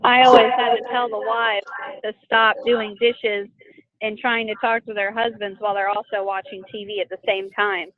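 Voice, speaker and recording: A woman's voice: medium pitch, flat delivery, normal speed, no echo. Woman on a tinny call line. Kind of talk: conversational remark in a class discussion. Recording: tinny phone-like call audio, dry.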